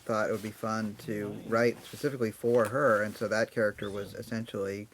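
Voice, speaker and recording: Мужчина-сценарист с низким голосом. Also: male voice, lowish voice, flat delivery, fairly quick, a bit bright, a little hiss or hum. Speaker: screenwriter. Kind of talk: DVD commentary, casual.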